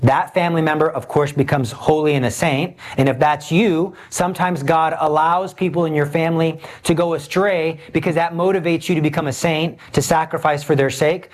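This Catholic preacher speaks with an earnest, slightly higher-than-average male voice as he gives his sermon. Pleading and probing with sharp questions, he takes his time on purpose to hammer home every point.

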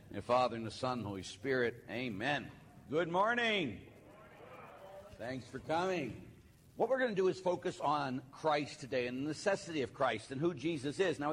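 A man, a Catholic priest, giving a sermon in a relaxed, conversational storytelling manner with playful asides. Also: mid-range voice. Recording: long hall reverb.

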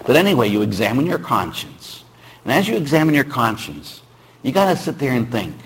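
A male Catholic priest giving a sermon in a conversational, joking way, with rhetorical questions and sudden shouted bursts. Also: medium pitch, big pitch swings, a little fast, a little hiss or hum. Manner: bursts into shouting when acting out stories.

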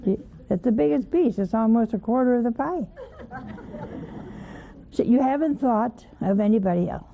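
A woman's voice: on the high side, expressive, moderate pace, vocal fry, slight background noise. A woman giving a conversational sermon who keeps asking her listeners questions and teases them with dry humor. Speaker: religious teacher. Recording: narrow phone-like sound.

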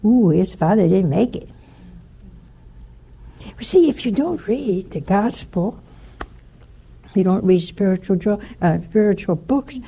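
An older woman preaches and tells stories in a lively way, acting out the people she talks about. Her voice is gravelly and husky, with a dark, mellow tone. She speaks as a religious speaker addressing listeners. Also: medium pitch, unhurried, pauses often. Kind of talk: sermon-style storytelling talk.

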